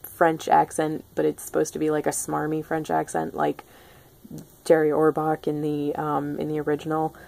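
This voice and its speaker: Low gravelly-voiced woman gushing about a film. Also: monotone, moderate pace, darkish tone. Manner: chatty and gushing, many ums and restarts. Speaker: book and film vlogger. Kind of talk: casual spoiler-free film review.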